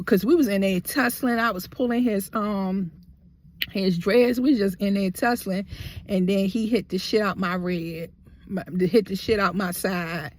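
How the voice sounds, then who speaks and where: A woman's voice: medium pitch, a little mellow, no echo. A young adult woman in a heated storytime vlog, talking bluntly. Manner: blunt, heavy cursing, heated. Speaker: vlogger.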